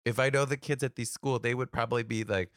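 A man and comedian telling a story casually to camera, animated, laughing often and swearing freely. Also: mid-range voice, quick pace, no room sound, studio quality.

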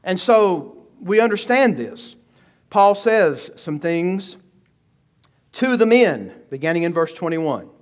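Man, preacher, fairly high voice, emphatic, rhetorical questions. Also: sing-song, takes it slowly. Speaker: pastor. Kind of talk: expository sermon.

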